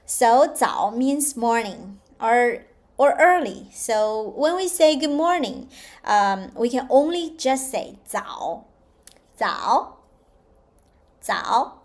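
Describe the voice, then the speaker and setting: A woman teaching a slow, patient language lesson, repeating each sound clearly for learners. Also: fairly high pitch. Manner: drawn-out, repeated model pronunciations. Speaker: Chinese teacher.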